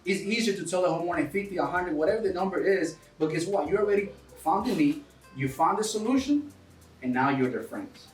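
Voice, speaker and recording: A man's voice: high voice, expressive, brisk, reverberant, far from the mic, faint music behind, low-quality recording. A man with a foreign accent, English not his first language, talking energetically in a casual interview and coaching listeners, often calling people dude and bro. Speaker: real estate investor guest.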